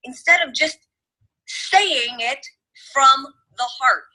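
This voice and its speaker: A woman's voice: high voice, slow pace, sharp tone, poor audio. A woman hosting a casual chat, talking emphatically and turning to address her listeners directly. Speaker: host.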